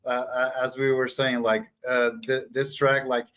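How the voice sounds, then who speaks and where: A man's voice: medium pitch, monotone, a little slow, a bit bright, smooth. A man in casual chat at a listening party, hesitant, with many uhs and restarts.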